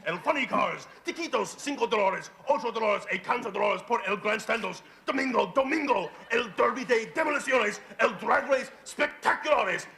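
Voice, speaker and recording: A man playing a radio ad announcer in mock Spanish, chanting a hard-sell pitch in a sketch comedy. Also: lively intonation, normal speed, gravelly, few pauses, bright, forceful tone, a little hiss or hum, exaggerated voice. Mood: hyped.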